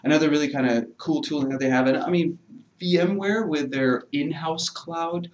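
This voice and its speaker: A man explaining software topics to a live webcast audience from home in a loose, hedging way, leaning on filler words. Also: on the high side, moderate pace, lo-fi sound, slight background noise. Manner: loose, hedging, heavy on "kinda" and "really". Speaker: guest software developer.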